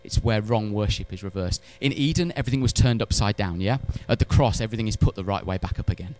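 A man preaching a sermon in church, animated, swinging between loud emphatic lines and hushed ones, with wry humorous asides. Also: lowish voice, quick pace. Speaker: pastor.

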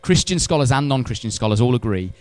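A man preaching a sermon in church, animated, swinging between loud emphatic lines and hushed ones, with wry humorous asides. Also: mid-range voice, quick pace, no echo. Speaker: pastor.

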